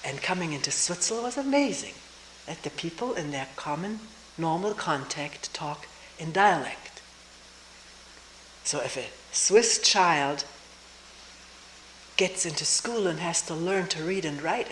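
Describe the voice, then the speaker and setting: An older woman from Germany, giving a slow, thoughtful talk at a retreat with pauses and soft laughs. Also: low voice. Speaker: retreat teacher. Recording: roomy old tape with hiss.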